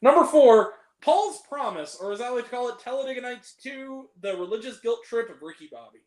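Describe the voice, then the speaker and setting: A young man with a fairly high voice hosts a casual film chat, animated and ranting, with plenty of swearing. He talks in an echoey room. His pitch jumps up sharply when he gets worked up. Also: a little fast. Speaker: host.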